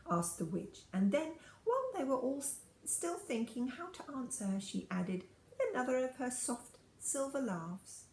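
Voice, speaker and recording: A woman's voice: sits high, moderate pace, echoey room, a little hiss or hum, low-quality recording. Woman reading a storybook aloud. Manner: expressive storytelling. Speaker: storybook reader. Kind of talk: reading a children's book aloud.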